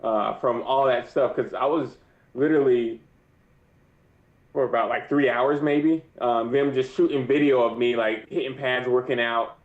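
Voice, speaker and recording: A man's voice: medium pitch, steady tone, a little slow. A young man interviewed as a pro fighter, rambling with lots of "you know what I mean". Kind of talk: casual interview. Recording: muffled echoey remote audio.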